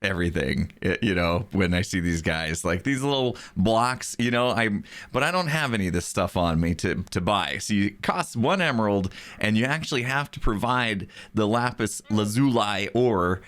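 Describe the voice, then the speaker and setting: A man's voice: fairly low pitch, expressive, normal speed, a bit bright. A young man giving cheerful, chatty commentary while playing a video game, laughing often. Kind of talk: let's play commentary.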